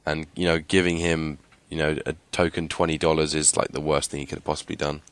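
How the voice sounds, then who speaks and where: A man's voice: a bass voice, level tone, fast talker, clean tone, dry recording. A young man co-hosting a casual TV recap podcast, chatty, with frequent fillers and laughs. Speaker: podcast co-host.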